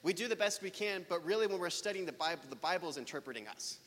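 A man's voice: high voice, animated, quick pace, fairly bright tone. A man preaching a casual, self-deprecating sermon in a church, chatting with his audience. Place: church hall. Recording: preacher in a reverberant church hall.

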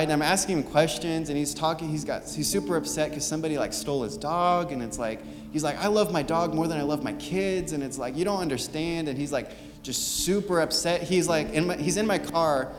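A young man giving a sermon, talking earnestly and casually, with fillers, as he tells a story. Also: a little high. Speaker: youth speaker. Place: church hall. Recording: long hall reverb, music behind. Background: soft guitar.

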